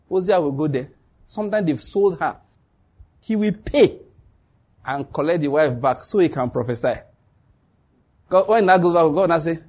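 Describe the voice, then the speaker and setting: A man delivers a sermon in an animated storytelling manner, acting out dialogue and laughing often. His voice is fairly high and has a husky edge. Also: normal speed, pauses often. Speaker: preacher.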